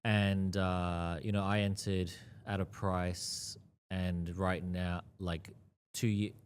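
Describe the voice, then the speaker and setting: A man's voice: deep voice, flat delivery, takes it slowly, a little hiss or hum. A man being interviewed as an investor, talking casually, filling his speech with "yeah, yeah" and "you know" and laughing often. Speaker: investor guest.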